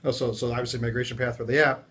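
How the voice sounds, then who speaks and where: Quick-talking guy hosting a work interview, middle pitch, keeps recapping. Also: level tone, a bit bright. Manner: quick, affirming, paraphrasing the guest. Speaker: interviewer, channel manager. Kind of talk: business interview.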